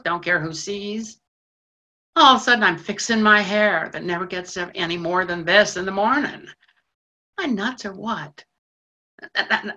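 A woman's voice: on the low side, pushed and bright, husky, exaggerated voice. An actress playing a lonely middle-aged female janitor in a stage monologue, confiding in a rush of feeling. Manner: confiding, breathless rushes of feeling. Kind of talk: stage monologue in a theatre broadcast.

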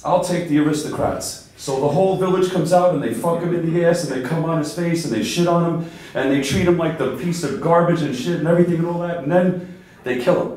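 A man's voice: on the high side, fast, a little mellow. A man telling jokes on a comedy club stage, with plain setups and punchy quoted lines. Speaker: guest comic. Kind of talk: stand-up joke telling. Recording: echoey room mic from a distance.

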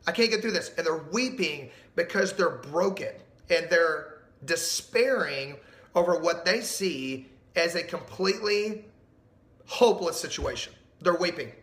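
Male pastor, middle-aged, high bright voice, emphatic sermon delivery, echoey room. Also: unhurried. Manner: animated, emphatic, asks the audience questions.

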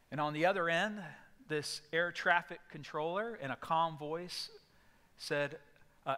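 A man's voice: a little high, fairly even intonation, normal speed, bright, forceful tone, clean tone, in a large hall. A male pastor giving a sermon, telling stories and acting out voices in bursts. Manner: storytelling with sudden acted outbursts. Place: church sanctuary.

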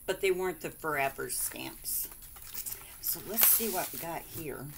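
Gushing, giggly woman with a lively voice. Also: low voice, measured pace, gravelly, noisy background. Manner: gushing, giggly, exclaims often. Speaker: vlogger showing mail from friends. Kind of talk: casual chatty unboxing.

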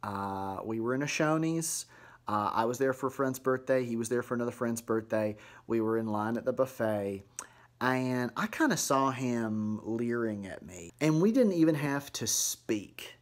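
A man playing a sugary, middle-aged mom vlogger, chatting to camera in a folksy, chirpy way with offhand dark asides. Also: medium pitch, lively intonation, normal speed, close to an everyday voice. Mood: sweet. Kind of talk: comedic vlog monologue to camera.

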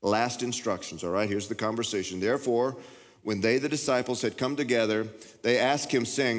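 A man with a Texan accent preaching a sermon as pastor, with emphatic, impassioned delivery that jumps up in pitch when he gets revved up. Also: a little fast. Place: large church hall. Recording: reverberant church hall.

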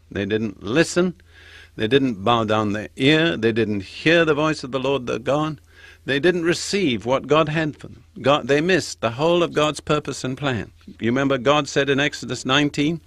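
An older man giving a Bible teaching, slowing down to stress each quoted verse. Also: medium pitch, lively intonation, a bit bright, no echo. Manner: slows down and stresses quoted scripture. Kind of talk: sermon-style Bible teaching.

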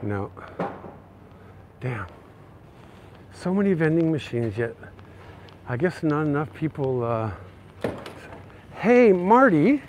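A Canadian man narrating a casual walking tour of city streets, chatty and excitable. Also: medium pitch, slow pace, long pauses. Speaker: vlogger. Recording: faint outdoor street noise. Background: faint traffic and street noise.

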